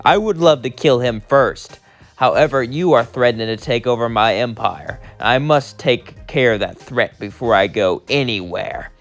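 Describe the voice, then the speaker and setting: A man's voice: mid-range voice, normal speed, faint music behind, close to an everyday voice. A man voicing a smug, cruel alien tyrant who taunts in a sneering, gloating way. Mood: threatening.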